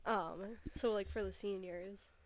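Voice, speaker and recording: A woman's voice: mid-range voice, steady tone, unhurried, slight background noise. A young woman guest on a podcast, chatting casually, filling her stories with "like" and laughing easily. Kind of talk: casual chat.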